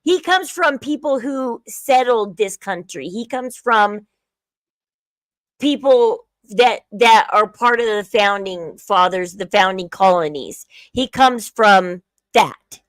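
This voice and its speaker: A woman's voice: mid-range voice, expressive, slow, dry recording. A middle-aged woman hosting a casual livestream chat, rambling with many fillers and restarts. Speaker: streamer host.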